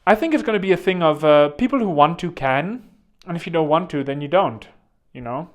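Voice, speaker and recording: A male podcast host whose voice sits a little higher than most men's. He rambles through a casual monologue, chatty and loose, dropping joking asides as he goes. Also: lively intonation, fairly quick.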